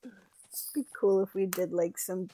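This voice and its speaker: A woman's voice: fairly low pitch, measured pace, dark tone. A young woman co-hosting a casual vlog, laughing a lot and giving short replies. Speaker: co-host. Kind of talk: casual chat.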